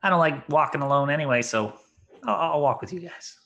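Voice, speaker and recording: Bright, lively man playing his character. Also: fairly high pitch, muffled recording, soft background music. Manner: casual, halting, laid-back. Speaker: player. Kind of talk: in-character tabletop play.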